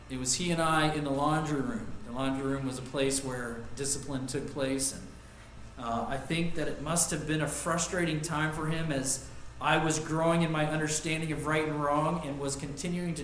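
A middle-aged man preaches with earnest conviction, his fairly high voice climbing and swelling when he builds a point, then falling quiet and close as he tells a story from his own life. The sound rings around an echoey church sanctuary, and faint room noise sits underneath. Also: normal speed. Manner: earnest preaching, rising loud on lists and quotes, dropping soft on personal stories. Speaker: pastor. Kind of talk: sermon.

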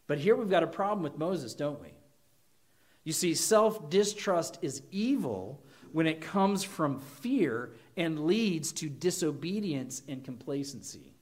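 A pastor gives an earnest sermon in a voice pitched fairly high for a man. Along the way he throws questions at his listeners and slips into short acted quotes.

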